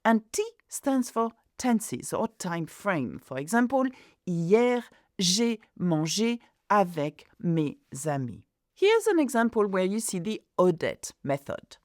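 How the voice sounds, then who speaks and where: A woman tutor teaching an exam-prep lesson at an unhurried pace. Her pitch rises and falls freely as she reads out example phrases clearly and deliberately. The sound is dry and close. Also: sing-song, no room sound. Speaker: French tutor. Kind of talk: instructional video lesson.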